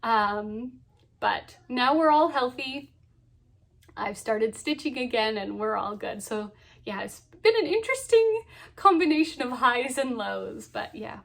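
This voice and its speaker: A cheerful woman in her thirties chats to the camera about her cross stitch, full of ums, so yeahs, and laughter. Her voice is a little high and slightly bright, with some vocal fry.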